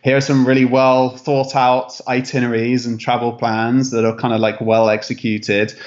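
Male guest, chatty storyteller, hesitant, lots of ums, mid pitch, muffled lo-fi audio. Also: level tone, normal speed. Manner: rambling, hesitant, many fillers and restarts. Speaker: travel content creator, guest. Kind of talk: casual interview chat.

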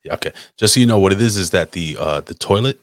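Deep-voiced man telling a profane story. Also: lively intonation, quick pace, no echo, clean studio sound. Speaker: podcast host. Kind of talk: casual storytelling chat.

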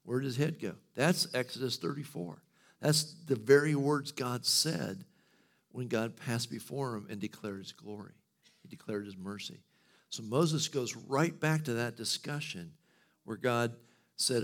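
Middle-aged man preaching, casual and joking, lively storyteller. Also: mid-range voice, a little slow, gravelly. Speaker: pastor. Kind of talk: sermon.

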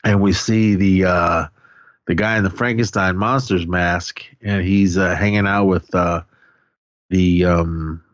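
A man's voice: low voice, steady tone, measured pace, dry recording, highs cut off. A man casually recapping a horror movie with a co-host, rambling and profane, often laughing and acting out lines.

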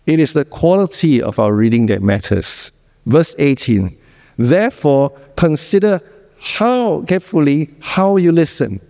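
A man's voice: medium pitch, gravelly, mellow. Preaching man in a reverberant hall. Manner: earnest, explanatory, asks rhetorical questions. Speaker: pastor. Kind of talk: sermon. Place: church sanctuary.

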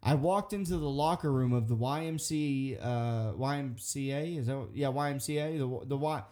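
A man's voice: mid-range voice, moderate pace, darkish tone. A man chatting casually, telling rambling stories with many restarts. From outside the United States. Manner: rambling storyteller, restarts, puts on voices. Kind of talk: casual chat.

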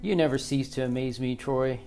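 Driven youth football coach dad, voiced by the narrator, dry and firm, audiobook read. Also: male voice, medium pitch, moderate pace, music in the background, close to an everyday voice. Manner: dry, firm; bellows commands on the field. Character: intense male youth football coach and father.

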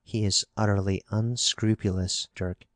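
A man's voice: fairly low pitch, fairly even intonation, a little slow, no echo, clean studio sound, natural voice. A man reading the part of a frightened young woman, pleading and anxious. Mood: fearful.

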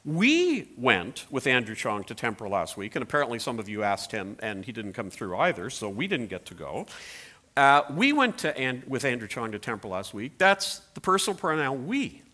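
A man's voice: mid-range voice, brisk. A middle-aged man preaching a sermon, telling stories with playful asides. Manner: animated storytelling with playful asides. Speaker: pastor.

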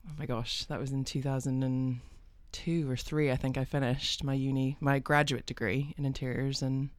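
Woman, mixed American-British accent, podcast guest, rambling and chatty, smooth voice. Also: a bass voice, little pitch movement, normal speed, dry recording. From United States. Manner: chatty, rambling storyteller with frequent fillers and laughs. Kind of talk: conversational interview. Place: podcast studio.

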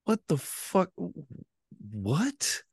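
A man's voice: fairly high pitch, huge pitch swings, extremely slow, slightly rough, dry recording, studio quality. A man hosting a podcast, telling a story in a casual, heavily profane ranting way and acting out his own side of the conversations. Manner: ranting, heavy swearing, quotes himself in dialogue. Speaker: podcast host.

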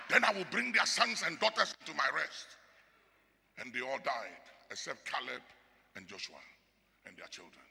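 A gravelly, high-pitched male pastor preaches with a bright, sharp edge. His voice leaps from shouts down to hushed murmurs, and the lines ring out with a long hall echo. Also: animated, moderate pace, long pauses. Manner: call-and-response preaching, shifting from shouts to near murmurs. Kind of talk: sermon.

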